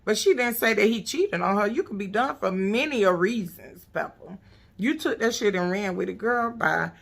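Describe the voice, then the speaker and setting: A woman's voice: mid-range voice, moderate pace, creaky, fairly bright tone. A woman casually recapping a reality TV episode, blunt, profane and sassy.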